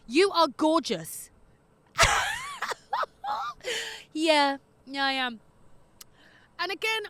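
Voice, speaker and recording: A woman's voice: high voice, a bit bright. A woman in her twenties hosting an advice podcast, reading letters aloud in a cheeky, sassy way and laughing often, recorded outdoors in the wind. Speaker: podcast host giving advice. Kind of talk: casual agony-aunt chat reading letters. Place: outdoors in windy streets.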